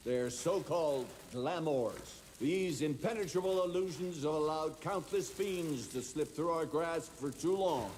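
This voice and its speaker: A man's voice: fairly high pitch, noisy background. An actor playing a formal male institute leader giving a grand speech.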